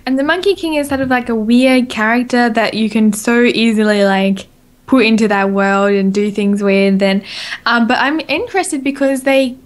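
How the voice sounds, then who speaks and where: A woman co-hosting a casual live-streamed podcast. Her voice sits a little high, and she talks in an eager, excitable way, scattering "like" through her sentences. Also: moderate pace. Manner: chatty and excitable, many likes. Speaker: podcast co-host.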